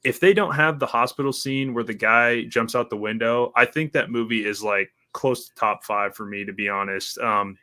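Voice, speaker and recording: A young man hosts a casual podcast chat in a medium-pitched voice, talking at normal speed with hardly any pauses. He's animated and profane, swearing a lot and mocking film lines in exaggerated voices.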